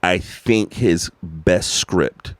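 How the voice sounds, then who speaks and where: An American man chatting as a podcast guest, animated and emphatic, swearing freely as he tells stories. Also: low voice, very slow, no echo. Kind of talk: casual conversation.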